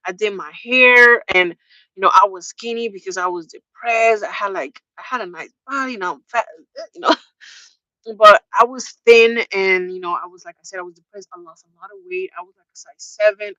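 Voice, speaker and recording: A woman's voice: medium pitch, normal speed, bright, forceful tone, no room sound, dull audio. A young woman vlogging a candid personal storytime, chatty and open, spelling out swear words. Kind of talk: casual storytime.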